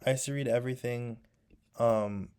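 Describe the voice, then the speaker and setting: A man's voice: mid-range voice, fairly even intonation, moderate pace, darkish tone, smooth. A young man with a sore throat chatting casually while he paints, rambling and nostalgic, with many fillers. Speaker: vlogger.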